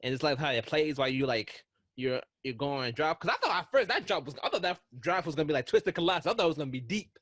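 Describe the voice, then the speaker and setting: A man co-hosting a casual podcast, telling excitable, rambling stories with frequent restarts. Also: on the high side, quick pace, no echo, clean studio sound. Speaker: podcast co-host.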